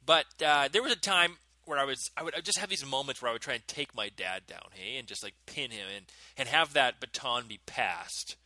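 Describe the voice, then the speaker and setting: A man in his thirties, a podcast co-host, telling stories in an animated way and laughing often. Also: medium pitch, brisk, few pauses, dry recording. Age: 30s. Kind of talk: casual chat.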